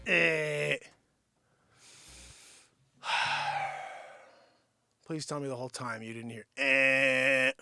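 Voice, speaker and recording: A man's voice: medium pitch, very slow, pauses often, sharp tone, clean tone. A man who makes his own comedy videos, muttering to himself in frustration. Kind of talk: casual talk to camera.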